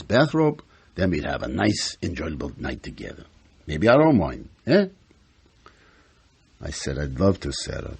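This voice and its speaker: A man's voice: deep voice, gravelly, darkish tone, husky, heavily acted. A man performing a comic stage monologue as an exasperated psychiatrist in his sixties and a grumbling grandfather, ranting and complaining with Yiddish words.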